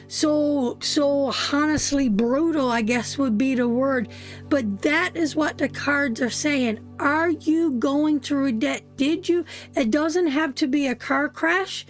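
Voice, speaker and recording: A woman giving a live tarot reading, emotive and calling the viewer sweetheart and honey. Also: high-pitched. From Canada. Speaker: tarot reader.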